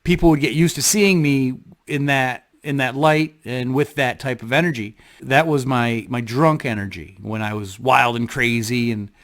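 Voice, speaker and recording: A man talking to camera in a casual vlog, reflective and halting, often restarting his sentences. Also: medium pitch, a bit bright. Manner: halting, thoughtful, frequent restarts. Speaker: vlogger.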